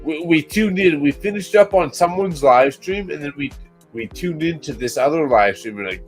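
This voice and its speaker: Excitable rambling man on a stream. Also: fairly high pitch, moderate pace, soft background music. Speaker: co-host. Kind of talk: casual livestream chat. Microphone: webcam on a video call.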